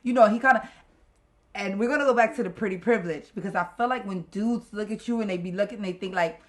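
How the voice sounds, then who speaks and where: A woman's voice: medium pitch, fast talker. A middle-aged woman co-hosting a podcast in casual chat, speaking bluntly and emphatically and laughing often. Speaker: podcast co-host.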